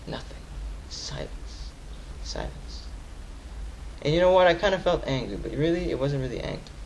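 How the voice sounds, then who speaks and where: A young man giving a Friday sermon in casual slang, repeating lines for emphasis and swinging from loud urging to soft storytelling. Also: mid-range voice, a little hiss or hum, rough recording. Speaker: khutbah speaker.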